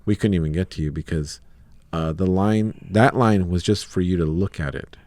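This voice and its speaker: A man's voice: low voice, normal speed, darkish tone, dry recording. A man hosting a podcast interview, telling stories in a rambling, casual way with quoted asides. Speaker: podcast host.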